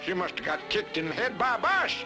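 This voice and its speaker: A man's voice: high voice, big pitch swings, a little fast, over music. A man playing a cranky, hungry hillbilly husband with a drawl in an old radio comedy. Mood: grumpy. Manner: gruff, cantankerous drawl.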